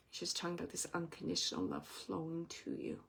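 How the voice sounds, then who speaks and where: Husky-voiced woman medium, gentle and soft. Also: deep voice. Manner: gentle, meandering, relays messages with soft asides. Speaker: medium giving readings. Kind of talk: live spirit reading for audience members.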